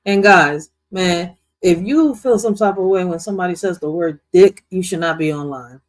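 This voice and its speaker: A man's voice: high-pitched, moderate pace. A man co-hosting a news commentary show, talking casually with heated, profane outbursts. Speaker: co-host.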